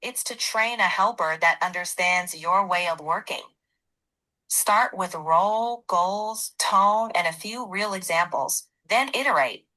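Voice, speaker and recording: A woman's synthetic AI assistant voice, giving calm, scripted advice in an even delivery. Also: mid-range voice, unhurried, rough recording.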